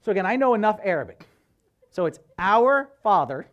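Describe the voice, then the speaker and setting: A man, a priest, preaching a sermon as a conversational, animated story full of casual fillers. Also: sits high, fast talker, highs cut off.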